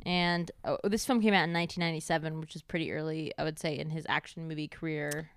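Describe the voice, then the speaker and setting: A woman's voice: low voice, steady tone, fast talker, clear, resonant tone. A woman from Tennessee co-hosting a film podcast, chatting casually and frankly giving her opinions. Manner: opinionated, candid about likes and dislikes. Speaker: podcast co-host. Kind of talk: casual chat.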